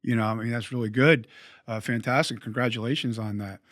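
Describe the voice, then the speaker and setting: Measured man hosting a coaching podcast. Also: medium pitch, fairly even intonation, fairly bright tone, dry recording, clean studio sound. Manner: measured, coaching tone, energy jargon. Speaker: podcast host. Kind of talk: reflective interview questions.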